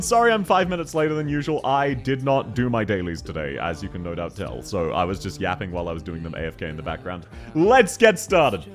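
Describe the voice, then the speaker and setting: A young man, streaming a game and chatting casually, joking, laughing often and reading chat aloud. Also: lowish voice. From Australia. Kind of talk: casual live-stream chat while gaming.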